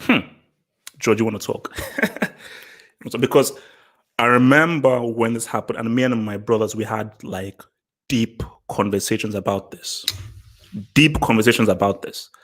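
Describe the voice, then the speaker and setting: A man's voice: medium pitch, fairly even intonation, unhurried, long pauses, a bit bright. A man hosting his own vlog, giving casual opinion commentary in an emphatic way, repeating phrases and restarting sentences. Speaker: vlog host.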